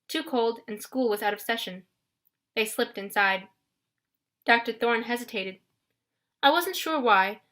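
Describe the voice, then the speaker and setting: Bright-voiced woman narrating an audiobook. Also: fairly high pitch. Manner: expressive first-person storytelling.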